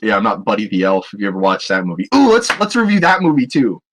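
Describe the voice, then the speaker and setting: A man's voice: fairly low pitch, huge pitch swings, fast talker, noisy background. A man co-hosting a movie podcast, squeamish and exasperated as he complains through comic banter. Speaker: podcast co-host.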